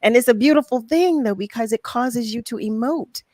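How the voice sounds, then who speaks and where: Woman host gushing over a guest, dry close sound, middle pitch. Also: normal speed, dry recording. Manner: warm, effusive, greets viewers by name. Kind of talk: casual interview chat.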